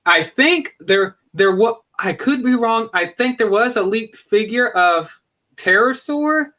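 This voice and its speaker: A man's voice: high voice, animated, a little slow, bright, forceful tone, lo-fi sound. A man hosting a live stream, chatting casually and enthusiastically, often correcting himself mid-sentence. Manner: rambling, self-correcting, enthusiastic. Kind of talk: casual fan chat.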